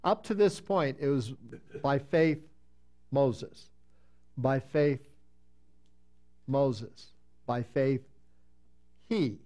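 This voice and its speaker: A man's voice: medium pitch, a little mellow. Man preaching, emphatic Bible teaching. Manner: reads scripture slowly with emphasis, then explains conversationally. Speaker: pastor.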